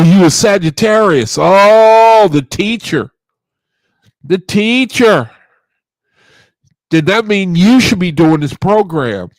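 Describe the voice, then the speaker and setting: A man hosts a casual study group stream from his computer, unhurried, his rather high voice swinging up and down as he talks with the chat. He keeps repeating phrases and putting questions to viewers. The audio is close and dry, with no room sound.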